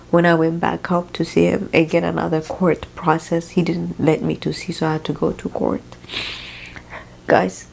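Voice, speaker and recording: A young woman who is not a native English speaker, talking emotionally in a personal vlog, halting and sighing as she fights back tears. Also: on the low side, creaky, darkish tone, slight background noise, rough recording. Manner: emotional, tearful, halting, with sighs. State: crying at times. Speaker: vlogger.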